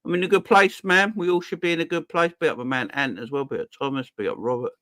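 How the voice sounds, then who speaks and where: A man's voice: fairly high pitch, steady tone, quick pace, no room sound, clean studio sound. Upbeat man hosting a live chat. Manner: upbeat, shouting out viewers by name. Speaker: host of a football fan livestream. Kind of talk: casual live-stream chat.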